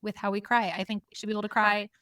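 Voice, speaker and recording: Bright, laughing woman podcast host. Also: mid-range voice, flat delivery, very fast, clear, resonant tone, no room sound, studio quality. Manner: chatty storyteller, laughs often. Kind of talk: casual chat.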